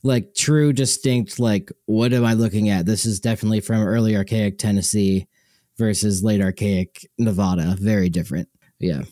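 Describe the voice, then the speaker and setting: A man's voice: on the low side, fairly even intonation, moderate pace, mellow, dry recording, studio quality. A young man co-hosting a podcast, chatting casually and often losing his train of thought. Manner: meandering, loses the thread. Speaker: podcast co-host. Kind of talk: casual chat.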